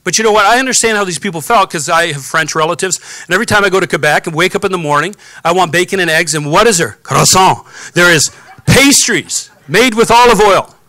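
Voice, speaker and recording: A man's voice: high voice, quick pace, few pauses, bright, forceful tone, no room sound. A man preaching a conversational sermon, reading scripture and adding personal stories and rhetorical questions. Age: adult, has children. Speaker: pastor.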